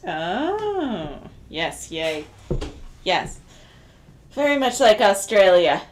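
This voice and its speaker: A woman's voice: mid-range voice, sing-song, very slow, long pauses. A woman chatting casually with a wry, teasing manner. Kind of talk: casual chat.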